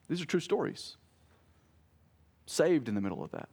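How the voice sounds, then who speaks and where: A man's voice: a little high, sing-song, moderate pace, creaky, long pauses, darkish tone, slightly rough. A man in his thirties preaching a sermon as a pastor, conversational, telling family stories and joking with the congregation. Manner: conversational preaching with family anecdotes and self-corrected jokes.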